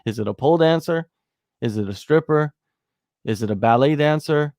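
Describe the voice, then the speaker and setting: Gravelly joking man on a podcast. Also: fairly high pitch, moderate pace, no echo, clean studio sound. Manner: animated, riffs on jokes, repeats himself for emphasis. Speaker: podcast co-host. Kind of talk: casual chat.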